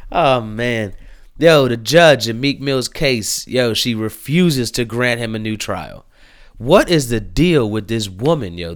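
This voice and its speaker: Animated slangy man ranting. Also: medium pitch. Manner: animated, slangy, repetitive exclamations. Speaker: commentary host. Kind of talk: casual opinion commentary.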